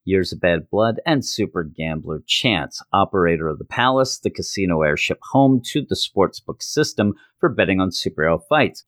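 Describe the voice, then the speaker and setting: A man hosting a podcast, giving a casual, animated comic book recap and slipping into character voices. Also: on the low side, no room sound, studio quality. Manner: animated storytelling, jumps into voices. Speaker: podcast host.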